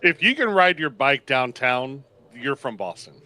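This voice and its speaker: Bright-voiced joking male co-commentator. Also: medium pitch, lively intonation, a little slow. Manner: joking, teasing banter. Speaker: race color commentator. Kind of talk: sim racing broadcast commentary.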